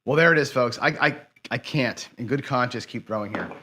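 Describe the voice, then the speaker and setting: A man's voice: medium pitch, a little fast, sharp tone, breathy edge. A man hosting a live dice-game stream, muttering and swearing in frustration as he talks to his viewers. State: dejected after a loss. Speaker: host of a live craps stream.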